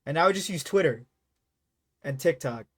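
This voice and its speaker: A man's voice: on the high side, expressive, normal speed, husky. Rambling, profane young male streamer. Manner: rambling, profane and self-mocking, with loud jumps on acted-out reactions. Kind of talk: casual live-stream chat while gaming.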